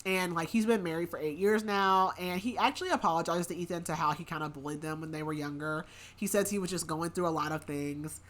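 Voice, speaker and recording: Woman podcast host, somewhat low voice, loose and chatty with lots of fillers, casual recap read. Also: fairly quick, fairly bright tone. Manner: rambling, heavy use of filler words.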